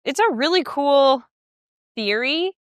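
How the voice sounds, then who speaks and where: Her voice sits high and is expressive and slow as this podcast co-host walks outdoors beside a lake, telling a rambling story packed with fillers in casual chat. The audio has studio quality and no room sound.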